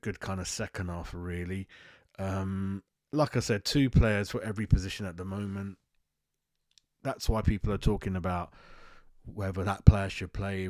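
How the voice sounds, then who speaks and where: Male London-accented fan-channel host, low-pitched, blunt, waffling, dry recording. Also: darkish tone, no echo. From West London. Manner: rambling, blunt, self-mocking. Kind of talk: casual opinion monologue.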